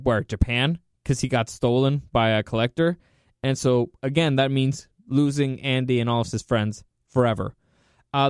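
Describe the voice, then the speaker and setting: A man hosting a casual spoken movie review. He is excitable and repeats himself for emphasis. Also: medium pitch, no echo, clean studio sound.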